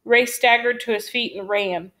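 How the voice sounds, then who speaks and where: A woman narrating an audiobook in a measured, dramatic storytelling manner. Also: fairly high pitch, a bit bright.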